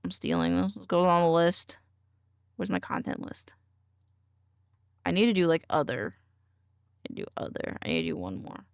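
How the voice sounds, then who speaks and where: A woman's voice: fairly low pitch, big pitch swings, normal speed, vocal fry, pauses often, smooth, dry recording, studio quality. A woman streamer in casual live-stream chat, goofy and teasing as she talks at her desk microphone.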